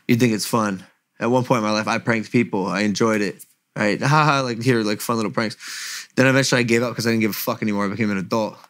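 A man's voice: on the low side, steady tone, fast talker. Profane, emphatic young man telling a story. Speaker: podcast host. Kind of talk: casual storytelling.

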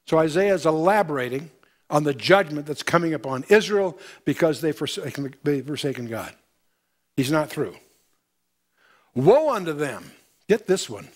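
A man's voice: a little high, lively intonation, normal speed. A man giving a verse-by-verse Bible lecture, reading scripture aloud and breaking in with pointed commentary. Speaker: Bible teacher.

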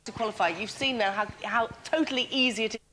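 A woman's voice: on the high side, fast talker. A woman co-hosting a studio show, upbeat and teasing. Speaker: TV co-host. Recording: loud background noise.

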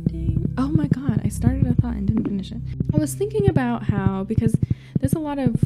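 Young gal rambling thru a farming game, jokey asides, music blasting behind. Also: female voice, on the high side, animated, brisk. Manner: chatty, self-mocking, jokey asides to viewers. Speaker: let's play gamer. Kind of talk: casual gameplay commentary. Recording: loud background music.

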